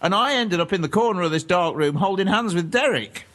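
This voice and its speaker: A man, a historian guest, telling stories in a relaxed radio chat with frequent laughter. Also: high voice, fairly quick. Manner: animated storyteller, laughs often. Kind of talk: casual radio chat, anecdote.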